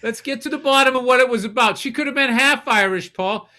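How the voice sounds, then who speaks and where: A man's voice: very high-pitched, a little fast, pushed and bright. A man co-hosting a podcast, teasing his friend with profane, needling banter. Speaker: podcast co-host. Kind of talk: casual comedic chat.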